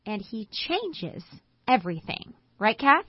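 A woman co-hosting a Bible discussion, an animated storyteller who acts out the quotes she tells. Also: fairly high pitch, takes it slowly, slightly rough, no echo, lo-fi sound. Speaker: co-host.

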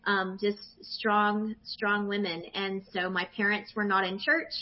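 A woman in her forties, a guest telling her personal faith testimony with animated emotion. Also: mid-range voice, unhurried. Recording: dull lo-fi sound.

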